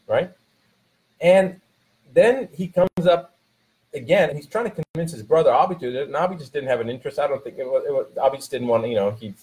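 A man's voice: medium pitch, mellow, poor audio. A man, a father, talking casually about his son and giving motivational advice with many restarts, growing more emphatic as he coaches.

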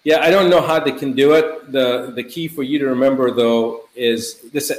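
Middle-aged male doctor guest, emphatic and animated, casual, roomy echo. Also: mid-range voice, normal speed. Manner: animated, emphatic, repeats words in lists. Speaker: physician guest. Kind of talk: casual chat.

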